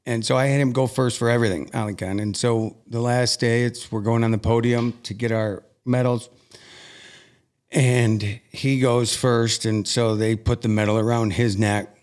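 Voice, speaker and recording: A man in a podcast conversation who tells a deeply personal story. His voice sits at an ordinary middle pitch, and he speaks earnestly and with feeling, often stopping to restart a sentence. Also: steady tone, moderate pace, darkish tone, clean tone. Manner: earnest and emotional, with frequent restarts. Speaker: podcast guest.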